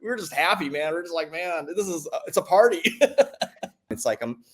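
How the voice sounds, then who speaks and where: A man, a military veteran, giving a casual spoken testimonial, halting with many restarts and fillers, his voice jumping up excitedly when he retells what was said. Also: fairly high pitch. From United States.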